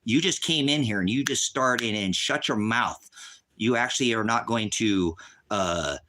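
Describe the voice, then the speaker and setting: A man's voice: fairly low pitch, measured pace, bright, forceful tone. A man hosting a livestream, ranting at a viewer in the chat, insulting and repeating himself, stumbling when angry. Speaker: livestream host teaching homesteading.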